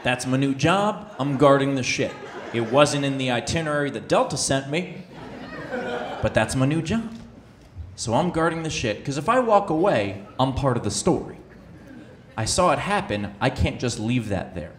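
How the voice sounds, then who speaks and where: A man performing stand-up comedy, telling a story in an animated way that sometimes breaks into shouted outbursts. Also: medium pitch, normal speed, noisy background. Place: comedy club stage. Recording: roomy live club sound with audience.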